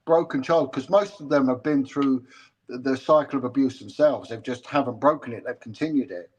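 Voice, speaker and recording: A man, a former policeman, talking in a casual interview, halting and restarting often as he tells a story. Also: medium pitch, husky. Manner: halting, with many restarts and repeated words.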